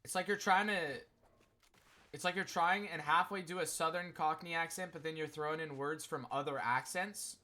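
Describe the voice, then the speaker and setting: A man's voice: fairly high pitch, fairly even intonation, moderate pace, pushed and bright. A man streaming casually and talking to his chat, rambling with lots of "like" fillers. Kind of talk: casual livestream chat commentary.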